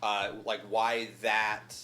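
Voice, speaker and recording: A man's voice: fairly low pitch, monotone, takes it slowly, sharp tone. A man guesting on a casual charity stream chat, explaining ideas thoughtfully and at length with many "like" fillers. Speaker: guest video essayist.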